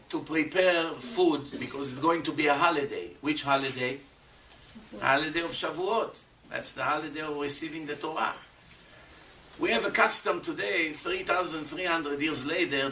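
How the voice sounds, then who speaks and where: High, bright-voiced man explaining emphatically. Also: recorded from a distance. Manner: rhetorical questions, emphatic, non-native English phrasing. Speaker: streamer explaining religious teaching. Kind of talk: animated religious explanation to a chat. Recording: echoey room, off-mic, faint noise.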